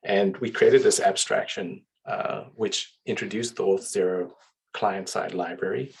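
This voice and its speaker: A man speaking as a panel guest, explaining in a measured way with frequent "uh"s. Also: on the low side, fairly even intonation, creaky, breathy edge, rough recording. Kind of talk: casual panel talk.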